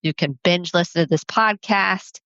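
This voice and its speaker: A woman hosting a podcast as a family therapist, talking earnestly and encouragingly, counting off her points slowly. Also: fairly low pitch, a bit bright, dry recording, highs cut off. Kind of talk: solo podcast talk.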